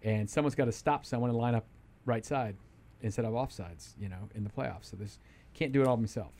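A man's voice: mid-range voice, fairly quick, darkish tone. Rambling man on sports radio. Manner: rambling, restarts mid-sentence, emphatic. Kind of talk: casual sports talk. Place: radio studio.

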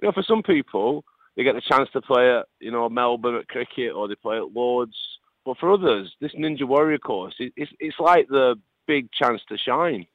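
A man's voice: mid-range voice, lively intonation, normal speed, no echo. A forty-year-old man from Lancashire with a Lancashire accent, a radio guest chatting in a jokey, restarting way. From Lancashire, England. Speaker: phone guest. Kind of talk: casual chat. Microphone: phone line. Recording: tinny phone line.

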